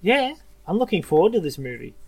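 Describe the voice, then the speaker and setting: A man's voice: high voice, sing-song, fast, gravelly, a little mellow, breathy edge. A man co-hosting a casual podcast, teasing his partner and laughing often. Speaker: podcast co-host. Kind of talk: casual chat. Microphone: headphones and studio mic.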